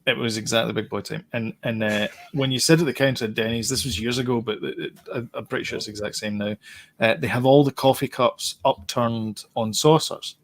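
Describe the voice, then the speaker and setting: A man co-hosting a podcast, telling stories in an animated, mock-exasperated casual chat. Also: medium pitch, fairly quick, a little hiss or hum. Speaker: podcast co-host.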